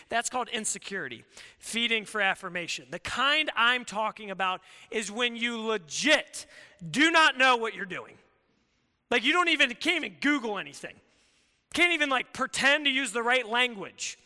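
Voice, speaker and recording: A man preaching a sermon in a casual, animated way, often acting out quoted voices. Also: extremely high pitch. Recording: long hall reverb.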